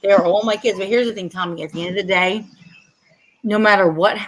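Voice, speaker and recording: A bubbly, excitable woman in her thirties, chatting casually as a livestream host from home and swearing freely. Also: lowish voice, poor audio. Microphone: home setup.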